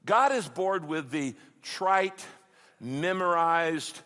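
A middle-aged man delivers a passionate sermon, his pitch a touch high and rising and falling widely as he builds to emphatic, almost shouted peaks. His voice rings through a large church auditorium, with a long reverb trailing each phrase. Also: expressive, slow. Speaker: pastor.

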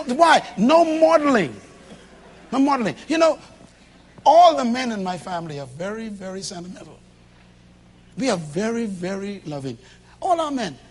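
A man preaching a sermon to a church congregation, emphatic, with loud bursts and low asides. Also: breathy edge.

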